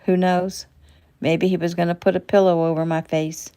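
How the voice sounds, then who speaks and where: A woman's voice: lowish voice, flat delivery, moderate pace, mellow, smooth, natural voice. A woman voicing an exhausted young man speaking weakly from a hospital bed. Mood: weary. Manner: weak, tired.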